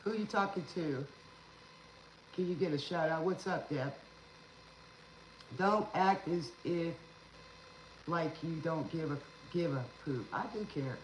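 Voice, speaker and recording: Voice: mid-range voice, unhurried, pauses often. Tarot reader, casual stream talk, teacherly, sarcastic, occasional stutter, roomy echo, faint noise. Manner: chatty, rambling, teacherly; stutters sometimes.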